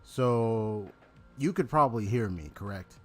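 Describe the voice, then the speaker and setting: A man's voice: on the low side, animated, a little slow, darkish tone. A man chatting casually to his live-stream viewers, rambling with lots of fillers and restarts, on a desk microphone at his home gaming setup.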